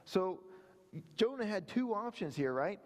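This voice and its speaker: A man's voice: high-pitched, very animated, unhurried, long reverb tail. A pastor preaching a sermon in a conversational way, often checking in with his listeners. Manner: conversational preaching with frequent "right?" asides. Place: church sanctuary.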